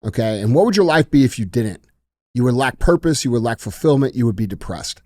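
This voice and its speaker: A man's voice: mid-range voice, big pitch swings, fairly quick, warm tone, no echo, studio quality. A man who is a guest on a podcast, talking in a brash, casual way with lots of slang and swearing. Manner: brash and casual, says dude and bro, swears often.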